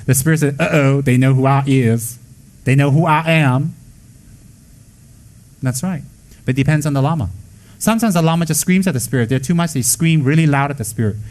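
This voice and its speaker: A man giving a Buddhist dharma talk to students, blunt and scolding, with joking asides and quick acted-out quotes. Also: on the high side, a little mellow, rough recording. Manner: acts out quoted voices. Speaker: Buddhist teacher.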